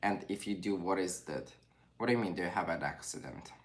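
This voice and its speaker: A young man with a Ukrainian accent and a low, brisk voice hosts a livestream. He chats casually, reads viewer comments aloud and uses non-native phrasing.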